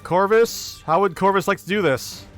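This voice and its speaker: A man running a tabletop game as game master, narrating in a slow, deliberate way. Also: high-pitched, soft background music.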